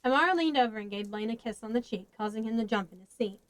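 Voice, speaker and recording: A woman streamer reading a novel aloud with steady storytelling narration on a close mic. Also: fairly high pitch, fast, no echo, poor audio.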